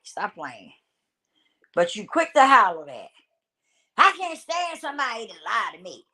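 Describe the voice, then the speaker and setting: A woman's voice: on the high side, sing-song, a little slow, long pauses, sharp tone. A woman vlogger in a blunt, repetitive talking-to-camera rant who swears casually and laughs often.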